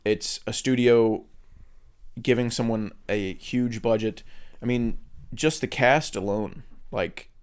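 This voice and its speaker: A man's voice: medium pitch, slow, smooth. A man co-hosting a podcast, talking in a casual, rambling way with lots of fillers and restarts. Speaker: podcast co-host. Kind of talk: casual chat.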